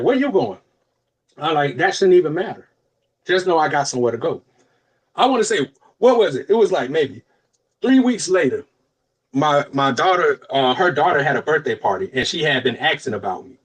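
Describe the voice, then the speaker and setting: A young male podcast co-host, his voice a little high and slightly rough at normal speed, tells a long story amid casual cursing. He's lively about it, quoting others by acting out their voices.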